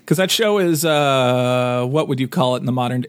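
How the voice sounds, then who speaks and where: A man's voice: mid-range voice, normal speed, smooth, no echo. A man co-hosting a podcast in casual chat, rambling and enthusiastic, restarting his sentences often. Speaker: podcast co-host.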